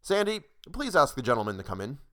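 A man's voice: mid-range voice, very animated, fast, a bit bright. A man voicing an effusive, fatherly older boss who apologizes over and over. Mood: soothing. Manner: effusive, apologetic, repeats himself.

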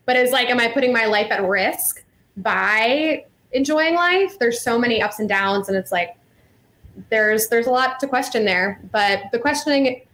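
A woman's voice: a little high, moderate pace, fairly bright tone. A woman guest on a podcast, talking in a casual, reflective, slightly rambling way. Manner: reflective, thoughtful, a bit rambling.

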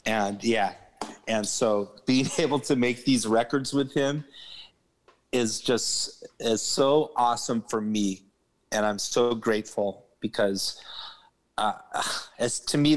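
A man's voice: fairly low pitch, takes it slowly, poor audio. Blunt storytelling male musician guest. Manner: blunt, swears freely, tells stories with laughs. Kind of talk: casual podcast conversation.

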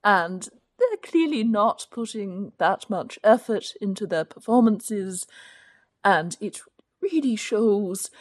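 A woman's voice: mid-range voice, animated, slow pace, dry recording, studio quality. A woman co-hosting a casual film review chat, giving fluent, sardonic critique in long sentences. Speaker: podcast co-host.

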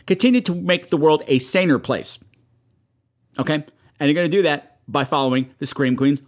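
Profane, animated horror-show host, a man. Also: fairly high pitch, moderate pace. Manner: profane, animated, mock-shrieking at a screen. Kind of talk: casual monologue to viewers.

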